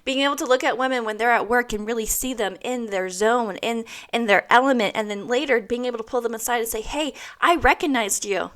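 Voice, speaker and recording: A woman's voice: a little high, fast talker, few pauses, fairly bright tone. A woman in her thirties giving a blunt, emphatic motivational monologue, swearing freely and repeating her points for weight. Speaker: host.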